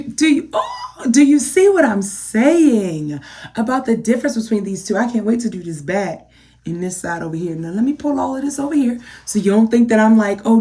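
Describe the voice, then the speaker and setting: Woman vlogger, casual home chat, animated, exasperated. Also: a little high. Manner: animated, exasperated rhetorical questions; addresses viewers as y'all. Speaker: beauty vlogger.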